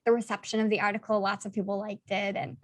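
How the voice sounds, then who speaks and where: A woman's voice: mid-range voice, flat delivery, fast, no echo. A woman guest in a casual interview chat, talking with frequent ums and giggles.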